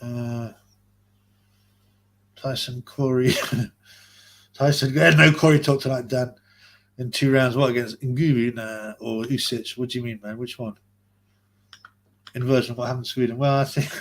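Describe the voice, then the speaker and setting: A young man hosting a live stream, reading out chat messages in a rambling, chatty way and laughing often. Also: medium pitch. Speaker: livestream host reading chat.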